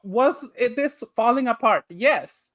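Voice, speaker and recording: A woman's voice: fairly high pitch, expressive, takes it slowly, fairly bright tone. A woman co-hosting a casual podcast, opinionated and blunt, swearing and laughing often. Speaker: podcast co-host.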